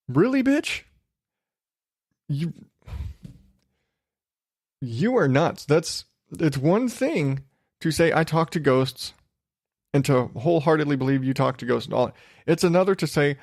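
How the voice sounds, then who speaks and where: A man's voice: fairly high pitch, darkish tone, no room sound, clean studio sound. A man hosting a podcast, ranting crudely with exasperated, laughing disbelief. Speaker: podcast host. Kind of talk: casual ranting monologue.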